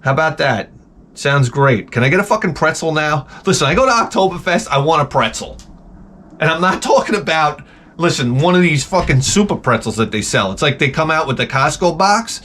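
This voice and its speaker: A middle-aged man from Long Island hosts a brisk, rambling comic monologue, his voice a little high. He rants with plenty of profanity and tells stories animatedly, frequently starting over.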